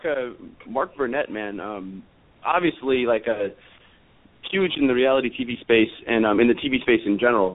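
A man in his thirties, a guest wrestler on a radio show, talking casually and rambling with many fillers and restarts. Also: on the low side. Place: after party. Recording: phone-like radio audio.

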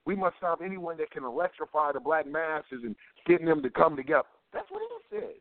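A man's voice: fairly high pitch, brisk, no echo. Fervent man over a tinny phone line. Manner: fervent, preacher-like cadence with repetition. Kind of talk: impassioned talk-radio commentary.

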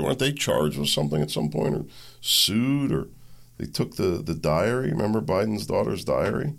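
Male host, very deep and gravelly, indignant sarcastic monologue. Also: fairly bright tone. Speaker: podcast host. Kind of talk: political commentary monologue.

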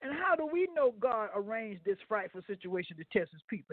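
A man's voice: high voice, big pitch swings, fairly quick, no echo. Man preaching over a tinny phone line. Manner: folksy, stumbles over words, talks to the listeners. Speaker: guest preacher. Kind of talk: radio sermon. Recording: phone-line audio, dry.

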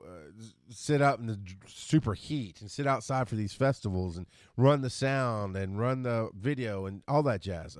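A man hosting a solo podcast, ranting with frustration and profanity, rushing his words and then reining himself in. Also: medium pitch, no echo, clean studio sound. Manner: frustrated, profane, talks fast then slows down. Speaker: podcast host.

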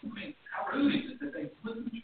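A man preaches with fervor, rising to shouts and then dropping to soft, almost whispered words. His voice sits very high and sounds far from the mic. The sound is thin and phone-like, with a heavy echo from the room. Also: little pitch movement, fairly quick, creaky, a little hiss or hum. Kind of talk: sermon. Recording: echoey distant room, tinny phone-like sound.

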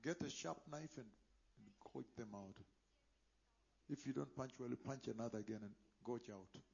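A man preaching a sermon, moving between quiet asides and loud impassioned declarations. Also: medium pitch, moderate pace, vocal fry, slightly rough, muffled recording.

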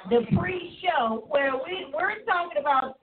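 A woman's voice: very high-pitched, animated, a little slow. A woman hosting a live faith show, talking in an exuberant, preachy way with frequent laughter. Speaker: host. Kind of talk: lively live show chat. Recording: tinny phone-like sound.

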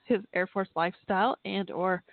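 A woman hosting a call-in podcast from her home office, chatting casually, thinking out loud and apologizing often. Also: mid-range voice, steady tone, moderate pace, vocal fry, no echo, narrow, tinny audio. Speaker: podcast host. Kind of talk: casual call-in show chat.

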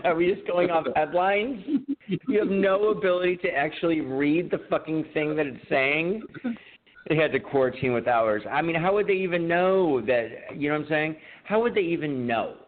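A man's voice: on the high side, normal speed. A man co-hosting a podcast in casual chat, joking around with a profane, laughing manner. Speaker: podcast co-host. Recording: tinny phone-like audio.

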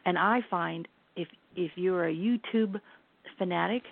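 A middle-aged woman with a low, gravelly voice speaks earnestly and reflectively as a guest, often restarting her sentences. The sound comes through a tinny phone line. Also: a little slow. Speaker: guest, lifestyle brand founder. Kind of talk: casual interview chat.

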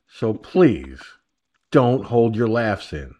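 A man's voice: fairly low pitch, sing-song, very slow, a little mellow. An older man hosting an online talk radio show, joking and rambling crudely about everyday troubles. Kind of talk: casual call-in chat.

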